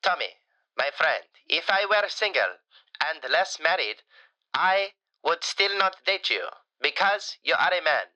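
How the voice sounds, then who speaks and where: A bright, lively voice, swooping up and down as a man plays a doting falafel shop owner on a comedic call-in show. He talks in broken English, drops his articles and delivers over-the-top compliments completely deadpan. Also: a little high, measured pace, full character voice, low-quality recording. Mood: deadpan warm. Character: warm, flattering male falafel shop owner. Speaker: caller. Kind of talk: comedic radio call-in sketch.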